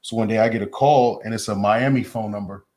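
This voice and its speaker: A man guest in a casual interview, telling his story in a relaxed, low-key way. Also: brisk.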